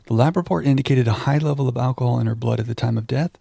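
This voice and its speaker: Gravelly low-key male streamer. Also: rapid-fire, warm tone, dry recording, clean studio sound. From Texas. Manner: reads on-screen text aloud, then chats with viewers. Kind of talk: casual let's-play commentary reading game text aloud.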